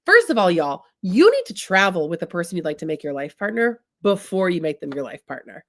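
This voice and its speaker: A woman's voice: on the low side, very animated, brisk, a bit bright. A woman from the US Midwest telling a funny personal story in a chatty, comic way, often calling her listeners "y'all". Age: adult, married. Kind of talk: humorous storytelling talk.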